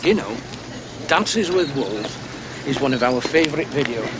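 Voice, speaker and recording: An actor playing a chatty, fawning pub landlord who talks eagerly to visitors. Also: male voice, medium pitch, lively intonation, normal speed, highs cut off, background noise, lightly acted. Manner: eager, gushing. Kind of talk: TV drama acting.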